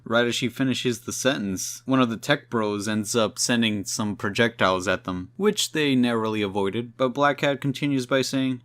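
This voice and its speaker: A man's voice: lowish voice, moderate pace, hardly any pauses, fairly bright tone. A man reviewing a comic book in a casual, slangy way, swearing now and then.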